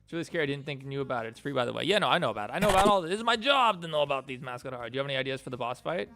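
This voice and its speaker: A man with a gravelly voice chats casually on a livestream. He rambles while he works and thanks his donors. Soft music plays in the background. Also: mid-range voice, expressive, very fast. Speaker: game developer livestreamer.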